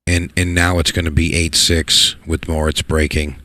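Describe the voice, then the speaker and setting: A man giving live play-by-play commentary on a pool match, excitable and repeating words for emphasis. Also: extremely low pitch, normal speed, no room sound, studio quality. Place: pool hall.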